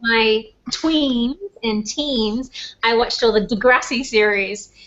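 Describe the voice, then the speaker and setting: An Australian woman chatting casually on an online panel, talkative and quick to laugh. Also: fairly high pitch, fairly bright tone, lo-fi sound. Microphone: video call.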